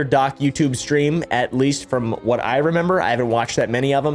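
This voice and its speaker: A man's voice: medium pitch, a little fast, hardly any pauses, faint music behind. A man doing YouTube reaction commentary, ranting and swearing in an irritated way.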